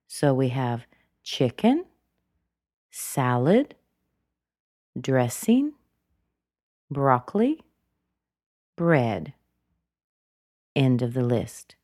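A woman's voice: very deep voice, big pitch swings, very slow, long pauses, darkish tone, no echo, studio quality. A woman teaching English pronunciation, explaining patiently and repeating words to show how the intonation rises and falls. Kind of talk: slow explanatory lesson.

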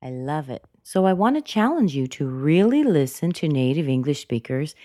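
A woman teaching English pronunciation, explaining intonation clearly and deliberately. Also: sits low, very animated, dark tone, no echo, clean studio sound. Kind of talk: scripted teaching narration.

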